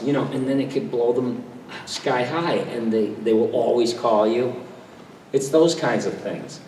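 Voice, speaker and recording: A man's voice: mid-range voice, a little mellow, slight background noise. An older man telling show-business stories to a convention audience, chatty and self-deprecating. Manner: chatty, self-deprecating, jumps into quick impressions. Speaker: convention panel guest. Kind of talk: relaxed storytelling to an audience. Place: convention hall. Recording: distant, echoey hall recording with faint crowd ambience.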